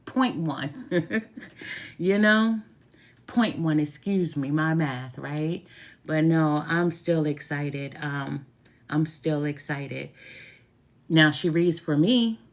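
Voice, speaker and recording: Low-voiced, chatty woman tarot reader. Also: slow pace, pauses often. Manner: chatty, repeats phrases for emphasis; heartfelt, openly grateful. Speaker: tarot reader and root worker. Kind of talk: casual talk to camera.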